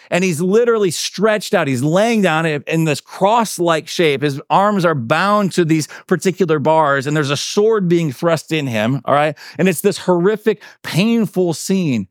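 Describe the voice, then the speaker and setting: A man's voice: no echo, studio quality. A man preaching a sermon in a conversational way, full of fillers and tag questions, and he acts out the quotes he tells. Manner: acts out quotes with big pitch swings. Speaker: pastor.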